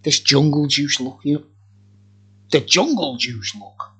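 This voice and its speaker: A man's voice: mid-range voice, lively intonation, measured pace, fairly bright tone, husky. A man, reviewing beer in a rambling, jokey, profane casual chat. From England.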